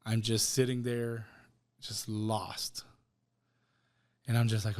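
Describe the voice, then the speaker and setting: He speaks in a lowish, level, slightly mellow voice, taking it slowly with long pauses. As a podcast guest, the man recounts a personal story in casual conversation, quoting dialogue and repeatedly saying "right?" and "bro."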